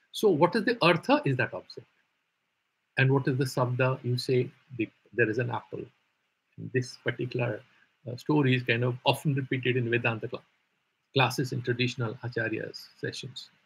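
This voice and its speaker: A man's voice: medium pitch, vocal fry, breathy edge, rough recording. A man teaching a live online Vedanta philosophy class, explaining patiently with rhetorical questions and repeated terms.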